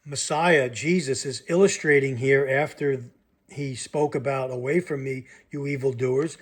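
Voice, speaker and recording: A man's voice: mid-range voice, fairly even intonation, measured pace. A man reading Bible verses aloud and breaking off to comment and challenge his listeners, as in a sermon. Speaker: Bible teacher.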